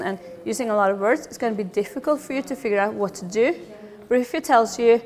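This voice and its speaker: A middle-aged woman giving a lively public talk about children's behaviour, with humorous asides. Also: fairly high pitch, normal speed, hardly any pauses. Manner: lively, acts out quoted voices, humorous asides.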